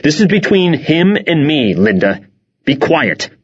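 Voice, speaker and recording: A man's voice: on the high side, very animated, unhurried, slightly rough, dull audio, pitched above the performer's own voice, full character voice. A man voicing an angry, domineering middle-aged father who speaks in curt threats, read for an audiobook. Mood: menacing.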